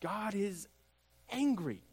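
A man's voice: high voice, very animated, takes it slowly, a little mellow, slightly rough. A man preaching a sermon as pastor, building emphasis through repeated phrases. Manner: preaching with rising emphatic repetition. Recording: long hall reverb.

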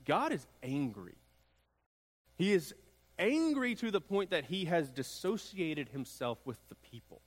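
A man's voice: a little high, sing-song, measured pace. A man preaching a sermon as pastor, building emphasis through repeated phrases. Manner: preaching with rising emphatic repetition. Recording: long hall reverb.

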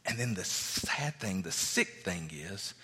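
A man's voice: low voice, big pitch swings, takes it slowly, pushed and bright, in a large hall. A male pastor preaching a sermon, reading verses aloud and explaining them in a conversational way.

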